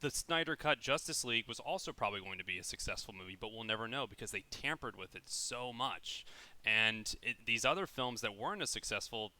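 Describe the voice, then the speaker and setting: Forceful, resonant male co-host. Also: medium pitch, animated, fairly quick. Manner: thoughtful, reasoning aloud with hedges. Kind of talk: casual panel commentary.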